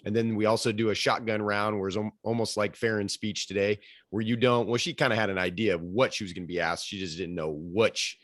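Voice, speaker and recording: Low-voiced man explaining, dry sound. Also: fairly even intonation, brisk, few pauses, fairly bright tone, no echo. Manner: friendly, explanatory. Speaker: general evaluator of the club meeting. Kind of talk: meeting talk on video call. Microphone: video call.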